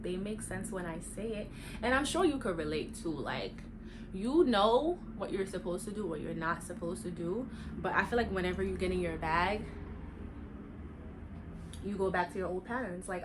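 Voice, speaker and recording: A young adult woman vlogs while getting ready, chatting casually and candidly. She talks in animated, slangy bursts that jump high for emphasis, with background noise in the recording.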